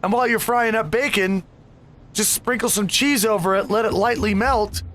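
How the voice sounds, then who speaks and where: A man's voice: high-pitched, normal speed, a bit bright. A man hosting a casual let's play, rambling and easily distracted with chatty asides. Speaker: gaming video host.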